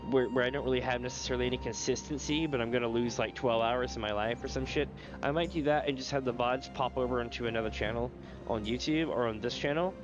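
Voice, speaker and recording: A man's voice: mid-range voice, highs cut off. A male streamer with a stuffy nose, chatting casually on a live game stream, rambling, swearing freely and laughing often. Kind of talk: casual livestream chat.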